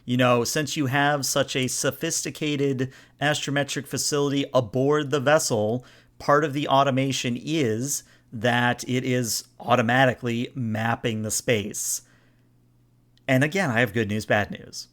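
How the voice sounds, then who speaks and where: A man's voice: mid-range voice, a little slow. Chatty man running a sci-fi tabletop game. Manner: relaxed, explains rules and scenes in a chatty way. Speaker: game master. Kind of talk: narrating a tabletop game over a video call.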